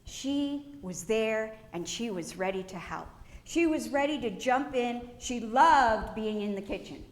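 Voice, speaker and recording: High bright woman pastor, slow and echoey. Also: expressive. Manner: warm storytelling with gentle laughs. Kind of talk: funeral eulogy. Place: church sanctuary. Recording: echoey church room.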